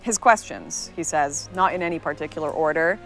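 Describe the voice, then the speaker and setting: A woman's voice: low voice, a little fast, a bit bright, faint music behind. A woman earnestly narrating a personal story in a scripted, recounting way.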